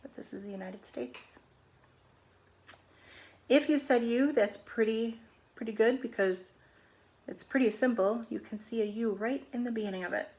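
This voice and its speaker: A middle-aged woman teaching a phonics lesson on video at home, stretching out letter sounds slowly and patiently. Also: fairly high pitch, a little mellow. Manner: slow, drawn-out sounding of letters. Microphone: camera on video.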